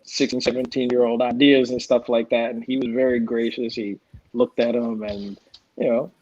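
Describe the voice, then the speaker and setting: A man's voice: mid-range voice, moderate pace. A man in his forties, a guest comics creator chatting on a livestream panel, telling stories and acting out the lines he quotes. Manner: animated storyteller who acts out quoted lines. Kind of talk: casual panel chat over a livestream. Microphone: video call. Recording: lo-fi livestream audio.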